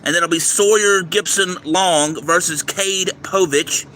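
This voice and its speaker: A man with a very bright, fairly high voice reads through a baseball schedule on a livestream, listing matchups one by one and tripping over unfamiliar names. He is outdoors, with faint traffic noise behind him. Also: slow. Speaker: livestream host giving baseball picks. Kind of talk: casual livestream commentary. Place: outdoors near a railway. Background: faint traffic and train noise.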